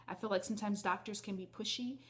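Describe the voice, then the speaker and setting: A woman's voice: mid-range voice, fairly even intonation, fast, a bit bright. A woman vlogger telling a personal story to her viewers in a candid, chatty way. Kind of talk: casual storytelling to camera.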